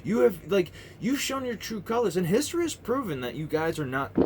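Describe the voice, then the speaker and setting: A man's voice: high voice, sing-song, a little fast, darkish tone, a little hiss or hum. A man in his thirties ranting to camera in a heated, profane, rambling monologue full of restarts. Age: 30s. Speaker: vlogger. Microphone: camera mic.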